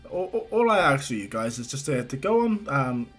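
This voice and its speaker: A man's voice: mid-range voice, sing-song, fairly quick, fairly bright tone, faint music behind. A man voicing a kindly, proud adult male hero mentor who speaks heartily to his young students in a spoken fan story. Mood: hearty.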